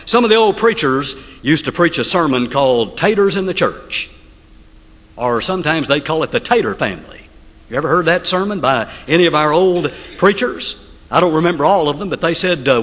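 Male preacher, lively sermon delivery, rhetorical questions, reverberant hall. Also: fairly high pitch. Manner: dramatic storytelling, rhetorical questions to the congregation.

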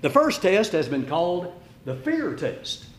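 An older man preaching a sermon, telling a story with dramatic swings between loud and hushed. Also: high voice, wildly swooping pitch, a little slow. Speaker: pastor. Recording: echoey room.

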